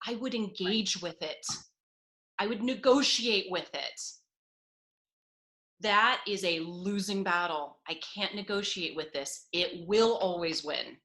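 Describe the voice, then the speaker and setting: A woman speaking as a guest coach in a candid interview, animated and laughing often as she acts out inner voices, heard over a video call. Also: medium pitch.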